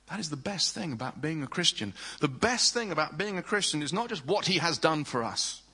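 A male preacher delivering a sermon with earnest conviction. His voice is bright and forward with a husky edge, and he often sinks into quiet, hushed phrases. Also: fairly high pitch, lively intonation, brisk, few pauses, low-quality recording. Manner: earnest, drops to soft hushed tones for tender lines.

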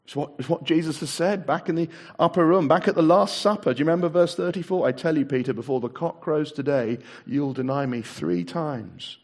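A man preaching a sermon, acting out the voices in the story and dropping to a hushed, low voice for solemn points. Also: a little fast, hardly any pauses. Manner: dramatic, acts out the voices in the story.

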